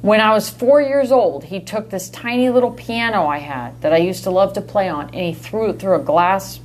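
Woman guest, casual storytelling, animated, laughs a lot, medium pitch. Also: normal speed, a little hiss or hum. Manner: animated, gesturing, laughing often.

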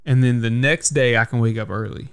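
A man's voice: mid-range voice, steady tone, brisk, clean tone. A young man hosts a laid-back podcast in an ordinary mid-range voice. He tells his stories with heat and plenty of swearing, and he talks like he's among friends. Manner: profane, heated storytelling. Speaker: podcast host. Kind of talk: casual podcast chat.

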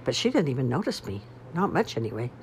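Woman reading a storybook, low voice, lots of ups and downs, wry. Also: fast, slight background noise. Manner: wry, expressive first-person telling. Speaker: audiobook reader. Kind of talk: storybook narration.

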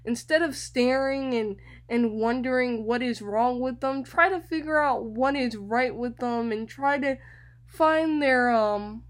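A young woman from Florida, hosting a radio show and telling a personal story in an animated way, often repeating words. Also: a little high, a little slow. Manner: animated, repeats words, addresses listeners as y'all.

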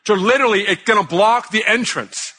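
Male preacher, storytelling sermon, jokey and animated, bright high voice. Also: fairly quick, slightly rough. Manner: animated, chatty, joking with the congregation. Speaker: pastor.

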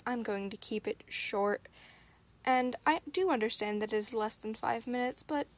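A woman reading a novel aloud as a podcaster, relaxed, with small slips now and then. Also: on the high side. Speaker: reader and podcaster.

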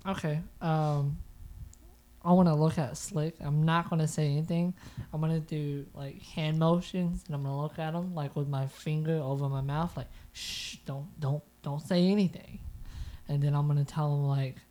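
Playful woman player, low voice. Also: level tone, normal speed, mellow. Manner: playful, chatty, lots of fillers. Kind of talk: tabletop role-play.

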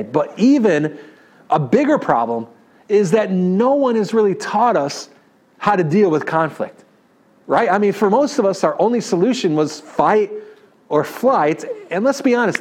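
A man in his thirties with a New York accent, preaching a sermon and telling a story in an animated way, often checking in with the congregation. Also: high voice, moderate pace. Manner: animated, talks to the audience with "right?". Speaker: pastor.

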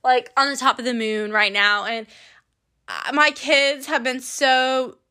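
Earnest, chatty young woman, higher voice. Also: steady tone, unhurried, bright, forceful tone, clear, resonant tone. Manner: earnest, chatty, with bursts of laughter. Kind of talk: casual personal faith testimony.

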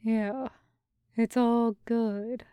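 A woman lends her clear voice to a bashful young man in a storybook reading. He speaks slowly and hesitantly, with a quiet sheepish softness. The sound is close and dry. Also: on the high side, fairly even intonation, no echo. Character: gentle young man, flustered and soft-spoken. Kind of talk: fanfiction audiobook reading.

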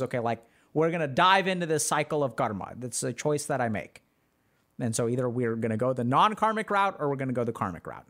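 A man hosting a livestream, explaining ideas to his chat in a relaxed, slangy way full of fillers. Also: medium pitch. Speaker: livestream host answering chat. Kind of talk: casual teaching chat.

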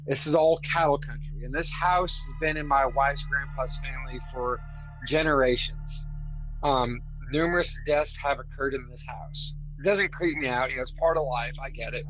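A man from Arkansas co-hosts a casual podcast in a mid-range voice at normal speed, telling stories in a laid-back way packed with fillers. The audio is dull and lo-fi, with loud music behind him.

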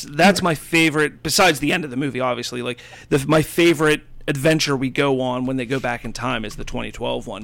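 Gravelly man in casual movie chat. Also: fairly high pitch, a bit bright, no room sound. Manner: enthusiastic, rambling, frequent fillers and restarts. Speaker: movie podcast co-host.

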